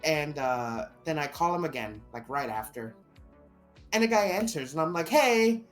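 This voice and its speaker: A woman co-hosting a podcast, telling a story in casual chat, animated and swearing freely as she acts out what people said. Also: sits low, moderate pace, faint music behind. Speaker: podcast co-host.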